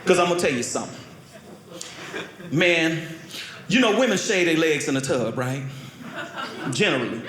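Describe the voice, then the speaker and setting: Man doing stand-up, somewhat high voice, stories veer from loud yelps to low mutters; roomy club sound. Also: lively intonation, normal speed, pauses often. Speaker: stand-up comedian. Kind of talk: stand-up comedy routine. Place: comedy club stage. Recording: roomy live stage sound with crowd. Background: laughing audience.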